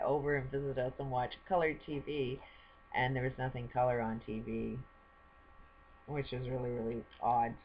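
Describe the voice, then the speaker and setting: A woman's voice: rumbling low, dull audio, a little hiss or hum. An older woman vlogging at home, chatting to camera in a rambling way and laughing often. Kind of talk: casual chat to camera. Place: at home with a pet bird.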